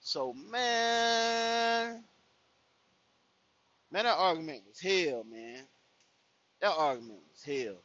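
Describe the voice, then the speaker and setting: A man's voice: a little high, fairly bright tone. A man telling a personal story in casual, profane street slang, acting out the people he quotes. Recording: dull lo-fi recording.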